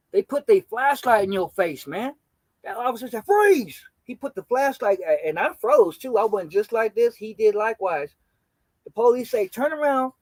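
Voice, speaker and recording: A man hosting a livestream, telling a story in an animated, slangy, profane way. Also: high-pitched, dry recording. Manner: acts out quoted people in character voices. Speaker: livestream host. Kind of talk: casual storytelling chat.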